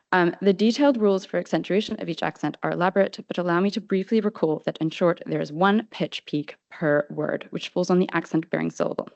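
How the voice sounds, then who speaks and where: A woman presenting a paper at an academic conference, reading formal prose in a measured way. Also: on the low side, a little mellow, no room sound. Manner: formal, measured delivery with brief slide-control asides. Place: conference hall. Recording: dull, slightly lo-fi sound.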